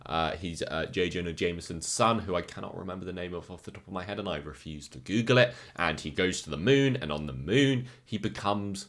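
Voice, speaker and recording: An English man hosts a casual video in a relaxed, chatty way, mixing excited outbursts with dry, deadpan asides. His voice sits a little low. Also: a little fast, hardly any pauses. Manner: chatty, jokey, swings between excited and deadpan. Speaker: YouTuber ranking comic villains. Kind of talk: casual opinionated commentary.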